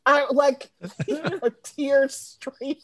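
A woman comedy writer in a loose podcast chat, swearing freely and breaking into giggles as she tells her stories. She talks at an unhurried, drawn-out pace. The voice sounds close and dry, with no room around it. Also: high voice, dry recording. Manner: profane, giggly storyteller who laughs mid-sentence.

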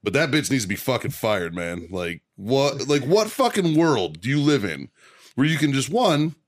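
A man's voice: medium pitch, sing-song, normal speed. Podcast guy ranting, swears constantly, laughs thru his own story. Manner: profane, heated, laughs while telling. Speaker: podcast co-host. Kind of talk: casual chat, ranting storytelling.

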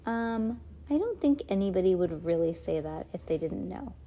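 A woman's voice: on the low side, expressive, normal speed, mellow. A woman reading a children's storybook aloud, breaking off for casual asides and correcting herself as she goes. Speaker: amateur reader.

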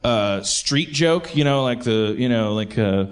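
A man's voice: medium pitch, animated, unhurried. A man hosting a live comedy show, talking in a rambling way that is full of restarts. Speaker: show host.

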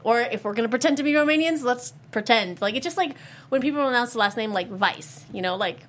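A woman's voice: on the high side, fast. A young woman hosting a casual review podcast, opinionated and particular about how words are pronounced. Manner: animated, opinionated, fussy about pronunciation. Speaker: podcast host.

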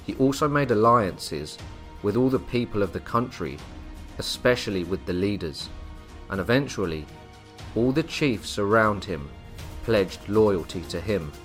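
A man with a lowish voice tells a historical story in a measured, scripted way. Soft music plays quietly behind him. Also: animated. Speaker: history narrator. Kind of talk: scripted narration.

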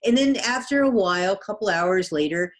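A woman's voice: mid-range voice, lively intonation, a little fast. A woman guest, a biology professor, explaining things in casual conversation with everyday examples. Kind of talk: conversational interview.

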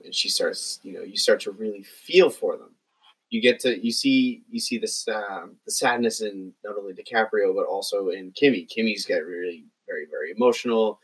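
A man talking casually about a film on a podcast, rambling and halting with many fillers. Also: fairly low pitch, slightly rough, poor audio. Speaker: podcast guest.

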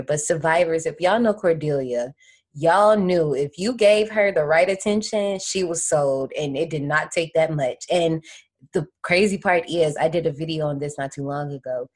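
A woman's voice: low-pitched, a little mellow. A woman hosting a podcast, recapping a horror movie in slangy, playful, teasing casual chat. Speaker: podcast host.

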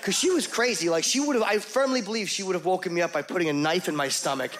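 In a stand-up routine, a middle-aged man tells a crude story at his own expense, rambling and animated. He speaks fast in a high-pitched voice.

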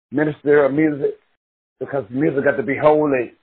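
A man preaching a sermon with passion, swinging from shouted cries to hushed murmurs and drawing out words slowly. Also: mid-range voice, fairly even intonation, slightly rough. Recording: tinny phone-like recording.

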